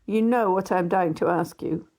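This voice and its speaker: A woman voicing a gossipy male Victorian barrister neighbour in an audiobook, confiding and hushed at times. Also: lowish voice, normal speed. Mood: gossiping.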